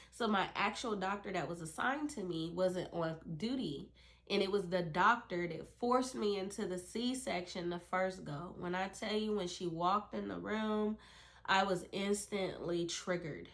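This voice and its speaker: A woman telling her own birth story to camera, earnest and emphatic, speaking directly to other women. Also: on the low side.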